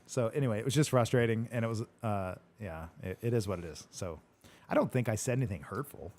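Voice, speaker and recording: Fast-paced male podcast host, casual and profane, animated retelling. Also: medium pitch. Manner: swears a lot, retells arguments animatedly. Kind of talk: casual chat.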